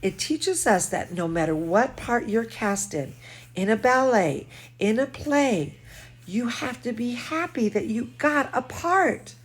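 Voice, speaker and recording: Animated, sing-song woman talking to a puppet. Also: fairly high pitch, slow. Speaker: dance teacher reading a bedtime story. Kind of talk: bedtime story chat with a puppet.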